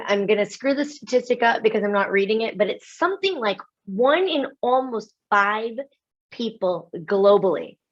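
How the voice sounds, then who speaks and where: A woman from the United States giving a lively webinar talk as a keynote speaker, animated and self-mocking, with quick asides and laughs. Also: medium pitch, highs cut off.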